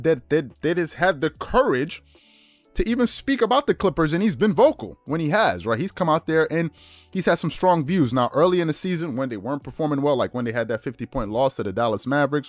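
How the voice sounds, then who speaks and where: A man hosting a sports talk show, chatting casually with quick, repetitive restarts. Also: medium pitch, no echo. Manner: fast, chatty, repeats and restarts phrases. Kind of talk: casual sports commentary monologue.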